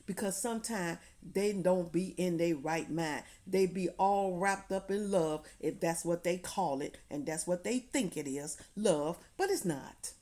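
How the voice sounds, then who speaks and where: Woman giving fired-up advice, repeats herself a lot, warm mellow voice. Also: on the low side. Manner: emphatic, repetitive, preaching tone. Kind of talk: impassioned direct-to-camera advice.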